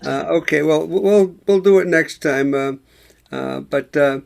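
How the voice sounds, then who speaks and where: A man hosting an online open mic over a video call, halting and self-deprecating as he introduces the first act. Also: a little high, vocal fry, a little mellow. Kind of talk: casual hosting.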